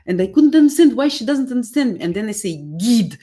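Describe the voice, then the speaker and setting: A woman's voice: fairly high pitch, lively intonation, quick pace, dark tone. A woman from Ukraine with a Ukrainian accent, a dating coach chatting through viewer questions on a live stream and explaining things step by step with fillers.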